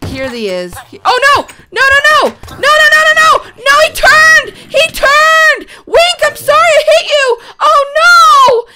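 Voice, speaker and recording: Young woman, game host, excitable, gasps a lot, high voice, very animated. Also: slight background noise. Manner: bubbly, excitable, gasps and shrieks. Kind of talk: Minecraft let's play commentary.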